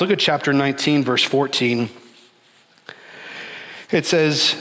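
A man preaching a sermon, with a dramatic delivery that rises and falls and slows down for emphasis. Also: medium pitch, fairly bright tone. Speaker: pastor. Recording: long hall reverb.

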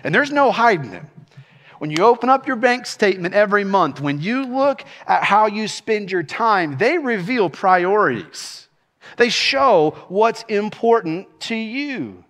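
Man, middle-aged, lively preacher, laughs through stories, higher voice. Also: measured pace, in a large hall. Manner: animated storytelling preacher, laughs while telling stories. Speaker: senior pastor. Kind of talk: sermon.

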